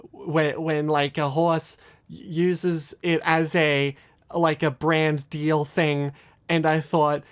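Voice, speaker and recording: Rambling, self-deprecating video creator. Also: mid-range voice. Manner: rambling, self-deprecating, many fillers and restarts. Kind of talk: casual commentary vlog.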